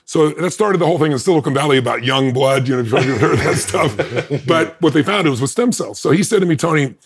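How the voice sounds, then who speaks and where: A male podcast guest tells a personal story in an animated, emphatic way, talking fast in a higher-pitched voice. He acts out others' lines in changing voices and laughs between them.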